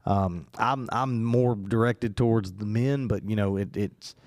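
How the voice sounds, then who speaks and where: A man talks through a casual podcast chat, circling his point with plenty of fillers and restarts. His voice sits a little low, and it is recorded close and dry in a small studio. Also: unhurried, a little mellow, dry recording. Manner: rambling, many fillers and restarts. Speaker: podcast co-host.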